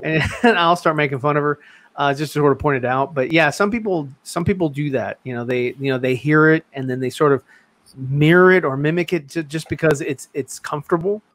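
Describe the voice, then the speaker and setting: Guy on a podcast, kinda high voice, stumbles over his words, dry sound. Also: a bit bright, dry recording. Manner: halting, many restarts and fillers. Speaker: podcast co-host. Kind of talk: casual chat.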